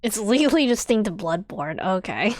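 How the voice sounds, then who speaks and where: A woman's voice: medium pitch, sing-song, a little slow, no room sound, clean studio sound. A woman live-streaming her reaction to a game showcase, chatty with giggly asides. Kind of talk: casual live-stream commentary.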